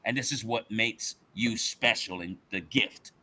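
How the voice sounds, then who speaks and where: Animated male podcast guest, slangy storyteller, bright tone. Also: on the low side, a little slow. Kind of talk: casual chat.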